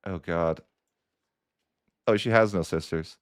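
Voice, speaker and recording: A man's voice: sits low, slow pace, clear, resonant tone, dry recording, clean studio sound. A young man commentating his own strategy game session, exasperated and whiny with a sarcastic streak. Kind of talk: frustrated gameplay commentary.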